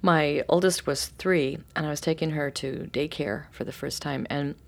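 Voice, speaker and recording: A woman's voice: deep voice, moderate pace, gravelly. A middle-aged woman, a podcast guest, telling a story in casual chat and acting out the voices she quotes. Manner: animated, acts out quotes with lively voices.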